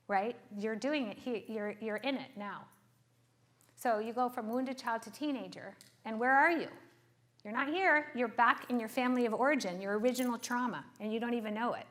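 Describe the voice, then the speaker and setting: A middle-aged woman therapist giving a lively workshop talk, acting out quoted voices and checking in with "okay?". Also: a little high, moderate pace. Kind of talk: workshop talk to a live group.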